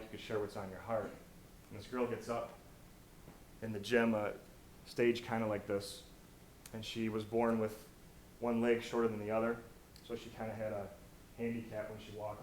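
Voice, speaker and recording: An American man speaks from a stage in a big, echoey college auditorium. His voice sits fairly low and mostly level, with a faint hum of noise behind it. He tells inspiring stories, dropping to a hush and then rising loud. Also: little pitch movement, fairly quick. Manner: storytelling, swings from hushed to loud. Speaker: motivational speaker.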